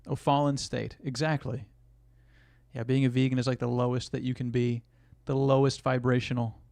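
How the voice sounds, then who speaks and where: A gravelly-voiced man riffs through a live reaction stream, mocking what he watches and laughing at chat. He sits close to a dry desk mic with a plain mid-range voice. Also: mid-range voice, flat delivery, moderate pace, darkish tone, dry recording. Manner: joking, crude, laughs often, reads chat aloud.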